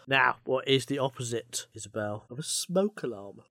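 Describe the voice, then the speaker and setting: Teasing man with a lively voice. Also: medium pitch, moderate pace, dry recording, clean studio sound. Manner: jokey, teasing banter. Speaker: podcast co-host. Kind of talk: casual comedic chat.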